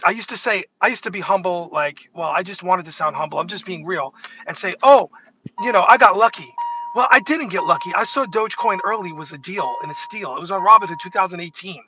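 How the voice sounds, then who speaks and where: A man's voice: sits high, wildly swooping pitch, fast talker, lo-fi sound, background noise. A man hosting a livestream, talking casually and animatedly to the camera, rambling and often interrupting himself. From New York State. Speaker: livestream host.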